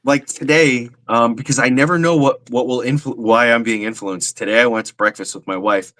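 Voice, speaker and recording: A man's voice: mid-range voice, steady tone, a little fast, a bit bright, no room sound, rough recording. A man, talking earnestly in a casual paranormal podcast, with many fillers. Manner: earnest, rambling, frequent fillers. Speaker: paranormal medium, podcast guest.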